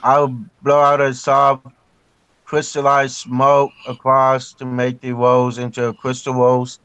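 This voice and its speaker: A man's voice: medium pitch, monotone, takes it slowly, a bit bright, smooth, dry recording. A man playing in a tabletop game, checking rules a bit unsurely. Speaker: player.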